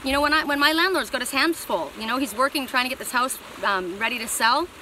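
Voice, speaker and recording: Bright-voiced woman reading oracle cards. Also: high voice, fast talker, a little hiss or hum, rough recording. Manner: rambling, heartfelt, emotional. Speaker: oracle card reader. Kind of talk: spiritual card reading.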